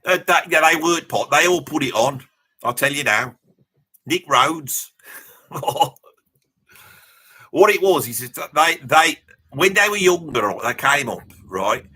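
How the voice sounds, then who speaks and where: A boastful Brummie bloke who rambles through name-dropping asides, his voice husky yet bright and slightly high, as a man puts him on. He chats loosely with his viewers in a thick Birmingham accent. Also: animated, slow pace, long pauses, full character voice. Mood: rambling chat. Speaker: live stream host in character. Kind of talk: in-character live reaction chat.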